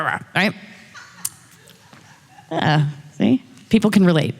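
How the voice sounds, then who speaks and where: A woman in the audience animatedly telling a personal story, quick and lively, jumping high when she quotes herself. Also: long reverb tail. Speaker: audience member sharing a story.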